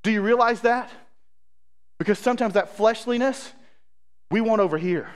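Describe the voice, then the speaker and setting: A man's voice: high voice, moderate pace. A man, a pastor, preaching a sermon, reading scripture aloud with asides and praying earnestly.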